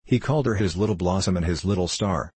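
Deep husky male storyteller. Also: fast talker, darkish tone, dry recording. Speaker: narrator. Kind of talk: audiobook narration.

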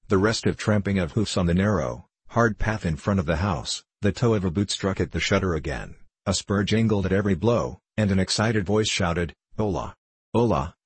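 A man reading a classic novel aloud as an audiobook narrator, in a measured, steady way. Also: low voice, husky, dry recording.

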